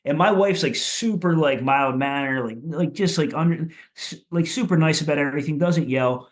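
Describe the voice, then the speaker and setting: A man's voice: on the high side, normal speed. Rambling, profane man from Philadelphia. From Philadelphia, USA. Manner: rambling, profane, many "like" fillers. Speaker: podcast guest, punk musician. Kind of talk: casual chat.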